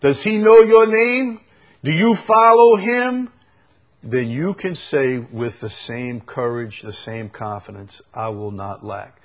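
A man preaching a sermon, repeating key phrases and swinging between loud proclaiming and quiet intensity. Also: mid-range voice, expressive, slow.

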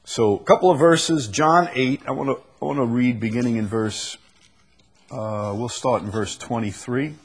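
A man's voice: mid-range voice, moderate pace, breathy edge. A man preaching a sermon and reading scripture aloud, earnest and rising to emphasis on the verses.

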